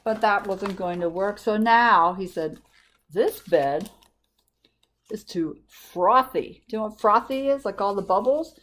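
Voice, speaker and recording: A woman librarian reading a picture book aloud to children, gently asking them questions. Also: medium pitch, normal speed, few pauses. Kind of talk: storytime read-aloud to children.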